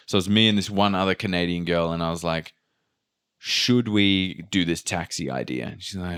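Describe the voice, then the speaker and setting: Deep-voiced man telling a story. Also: brisk, clear, resonant tone. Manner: animated, acts out quotes with sudden jumps in pitch; swears casually. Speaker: podcast guest telling a travel story. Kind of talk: casual storytelling chat.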